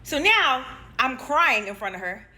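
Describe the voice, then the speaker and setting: A woman's voice: high-pitched, unhurried. A young adult woman, a nurse, casually telling a personal story to her followers, acting out what people said and laughing as she goes. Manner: animated, acts out quotes, laughs while telling.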